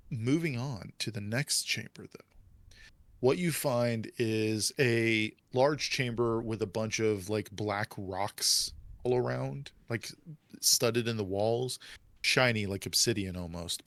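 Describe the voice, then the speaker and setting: A man's voice: fairly low pitch, a little slow, a bit bright, no echo. A man narrating as game master of a tabletop role-playing game, chatty and rambling with fillers.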